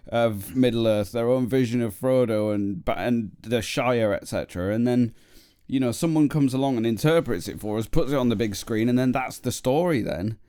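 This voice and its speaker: A man's voice: medium pitch, mellow, clean tone. A man co-hosting a podcast in a studio, rambling in casual chat with many restarts. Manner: rambling, restarts sentences, laughs often. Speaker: podcast co-host.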